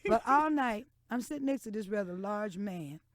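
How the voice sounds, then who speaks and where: A woman's voice: mid-range voice, lively intonation, normal speed, no room sound, studio quality. A woman blues singer, a guest on a radio interview, telling a story from her career and acting out the voices of the people in it. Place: radio studio.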